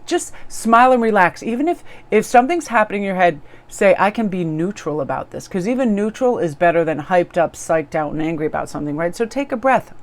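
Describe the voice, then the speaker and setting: A woman's voice: on the low side, animated, fairly quick, few pauses. A woman tarot reader chatting casually to her viewers in a bubbly, gushing way. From Korean heritage, living in New England.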